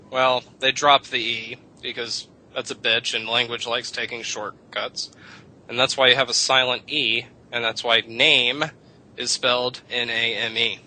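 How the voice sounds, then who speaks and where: On a radio show, a man with a medium-pitched, sharp-toned voice rambles casually through how English vowels changed, lecturing and swearing offhandedly. The recording is rough.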